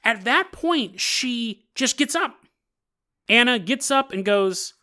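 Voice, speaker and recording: A man hosting a podcast, telling a story casually with joking asides and quick laughs. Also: extremely high pitch, expressive, pushed and bright. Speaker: podcast host.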